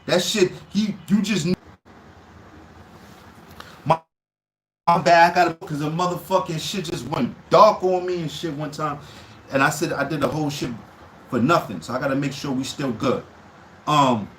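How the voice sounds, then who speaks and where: A man breaking down a battle rap on a casual live stream, quoting lines in a raised, animated voice and talking in loose slang. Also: fairly high pitch, unhurried, pauses often.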